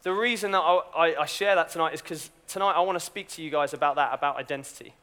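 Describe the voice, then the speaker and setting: A man's voice: fairly high pitch, quick pace, bright, forceful tone, smooth. A young man giving a chatty, self-deprecating youth talk with a story. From Britain. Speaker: youth speaker.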